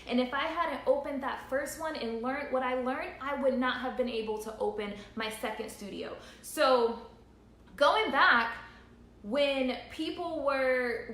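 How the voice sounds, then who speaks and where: A woman's voice: high voice, a bit bright, roomy sound. A woman in her thirties speaking earnestly on a livestream, repeating her points and laughing through emotion. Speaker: entrepreneur vlogger. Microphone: phone livestream.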